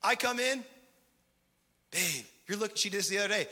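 A man's voice: high-pitched, normal speed, pushed and bright. A man in his thirties preaching a sermon as pastor, conversational and passionate, building to emphatic peaks. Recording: long hall reverb.

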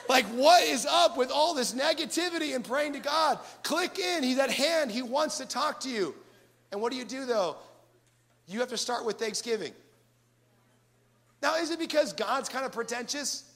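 Man, sermon, lively preaching, raised pitch, gravelly edge. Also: moderate pace. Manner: animated preaching with acted-out asides. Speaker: pastor.

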